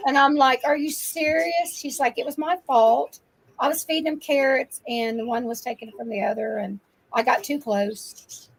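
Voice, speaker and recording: An older woman, a grandmother, telling lively farm stories in casual chat and laughing often. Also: high-pitched, moderate pace, creaky, slightly rough, poor audio. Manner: animated storyteller, laughs often. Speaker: guest.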